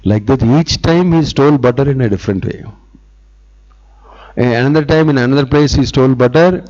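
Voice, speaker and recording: Guy preaching, storytelling sermon, mid pitch, slightly dull lo-fi webcast audio. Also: brisk. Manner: repetitive, animated storytelling with quoted dialogue. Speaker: visiting monk giving a discourse.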